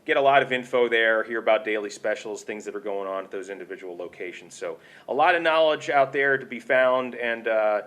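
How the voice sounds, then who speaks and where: A man's voice: medium pitch, a little fast, few pauses, a bit bright. A man hosting a podcast in casual chat, joking and chatty with lots of fillers. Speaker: podcast host.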